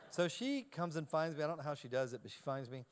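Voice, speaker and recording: A man giving a talk to a youth audience, telling a self-deprecating anecdote in a lively way and acting out each exchange. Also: on the high side, a little fast. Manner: animated storyteller, self-deprecating, acts out dialogue. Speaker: keynote speaker. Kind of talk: humorous anecdote told to a live audience.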